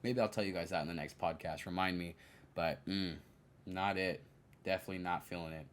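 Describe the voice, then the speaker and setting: A young man hosting a podcast, chatting casually about movies in a lively, slangy way full of fillers. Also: sits low, a little fast, slight background noise. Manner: animated, slangy, many fillers and quoted asides. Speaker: podcast host. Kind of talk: casual solo movie review.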